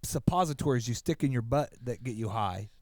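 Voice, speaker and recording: A man's voice: medium pitch, expressive, brisk, a little mellow, no room sound, clean studio sound. A man co-hosting a podcast in casual chat, joking and thanking the sponsor. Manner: chatty, reads the sponsor thanks. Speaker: podcast co-host.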